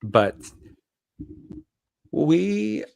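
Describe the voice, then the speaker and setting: A man's voice: a little high, very animated, very slow, vocal fry, a little mellow, no echo. A man co-hosting a podcast, telling a personal story in a candid, casual way with lots of "like" and "um". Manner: personal, candid, heavy use of "like" and "um". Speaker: podcast co-host.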